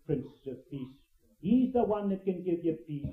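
An older preacher with a rather high voice delivers a fervent evangelistic sermon, repeating his phrases for emphasis. He swings from urgent, ringing cries to low, hushed asides. The old recording sounds thin and phone-like, with a roomy echo around him. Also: very animated, moderate pace. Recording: tinny, echoey old sermon tape.

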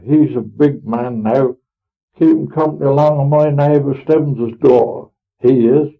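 A gravelly mid-range voice carries this dramatic monologue, with the man in character as a plain-spoken, pious elderly Norfolk farmer. He tells his story in an earnest, homely, meandering manner, preserved on a tinny, phone-like old recording.

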